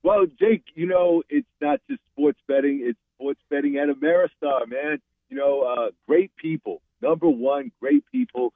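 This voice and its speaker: A man calling in to a sports radio show as the regular betting guest, talking in a rambling, animated, salesy way over the phone. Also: a little high, moderate pace, gravelly, no echo. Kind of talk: casual sports radio chat. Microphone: phone call. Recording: tinny phone line.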